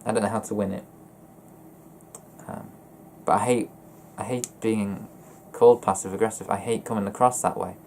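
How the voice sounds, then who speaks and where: A young man vlogging about his feelings in a flat, monotone voice, hesitant and often stopping to correct himself. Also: lowish voice, slight background noise. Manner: hesitant, halting and self-correcting. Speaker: gaming YouTuber. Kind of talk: personal confessional vlog.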